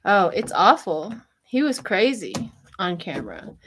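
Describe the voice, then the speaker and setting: A woman's voice: medium pitch, huge pitch swings, measured pace, a bit bright, a little hiss or hum. An older woman from Colorado doing a casual, chatty tarot reading for her channel, laughing often and wandering into gossipy asides. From Colorado, United States. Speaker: tarot reader.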